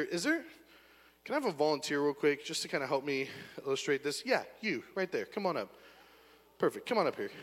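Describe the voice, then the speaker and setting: High-voiced animated pastor in a hall. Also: male voice. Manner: animated storyteller, acting out scenes with a volunteer. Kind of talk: sermon with storytelling. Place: church auditorium.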